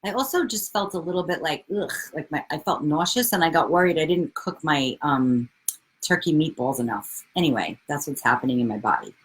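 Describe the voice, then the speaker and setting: A woman in her forties chats on a live video stream, bubbly and quick to get excited. Her pitch leaps and swoops all over the place as she greets people by name, and she swears casually along the way. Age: 40s. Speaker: livestream host, coach.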